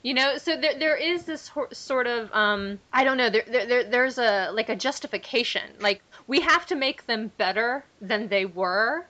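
A woman's voice: on the high side, normal speed, hardly any pauses, sharp tone, muffled recording. A woman in casual podcast chat, outspoken and full of restarts.

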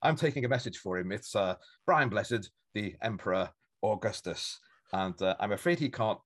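A man impersonating an actor who speaks calmly as a Roman emperor. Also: lowish voice, moderate pace. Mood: placid. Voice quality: calm then screaming.

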